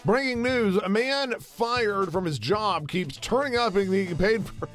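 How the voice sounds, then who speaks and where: A young man casually riffing on memes in a jokey, animated way. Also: high voice, measured pace, faint music behind. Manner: jokey, animated, slips into silly voices. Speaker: meme commentary host. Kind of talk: casual meme commentary.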